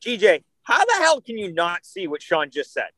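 A man's voice: high-pitched, very animated, moderate pace, fairly bright tone, dry recording, rough recording. A man, co-hosting a casual sports talk show in a joking, teasing way. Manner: joking, teasing, mock call-in. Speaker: podcast co-host.

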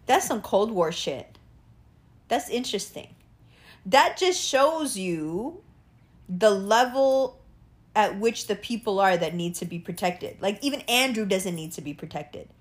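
Animated young woman, lively swooping voice. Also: mid-range voice, measured pace. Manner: animated, profane, laughs often, asks rhetorical questions. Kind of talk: casual monologue.

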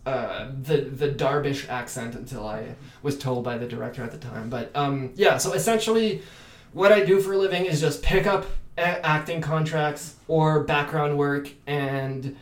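A man from Canada whose first language is French, chatting as an actor in an interview, animated and full of restarts. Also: a little high, normal speed. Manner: animated, many restarts and fillers. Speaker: actor and podcast guest. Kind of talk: casual interview chat. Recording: echoey room.

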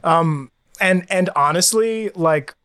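A man's voice: sits high, slow, smooth. A man co-hosting a podcast, ranting sarcastically about a bad review in casual chat. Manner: sarcastic, animated ranting with laughs. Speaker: podcast co-host.

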